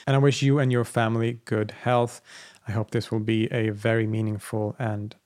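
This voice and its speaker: A man hosting a solo podcast, talking in a gentle, earnest way with some fillers and restarts. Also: medium pitch. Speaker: podcast host. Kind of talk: reflective solo podcast talk.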